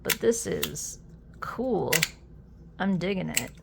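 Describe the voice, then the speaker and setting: A young adult woman chatting casually while unboxing a fidget toy, easily amused and quick to exclaim. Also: fairly low pitch, animated, creaky, heavy background noise.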